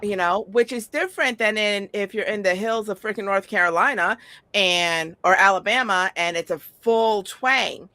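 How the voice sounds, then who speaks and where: A woman hosts a casual conversation, telling funny stories and acting out quotes in little voices. Her tone is bright and her swearing is casual. The sound is dry and close. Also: medium pitch, normal speed, no room sound. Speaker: host. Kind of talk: casual storytelling chat.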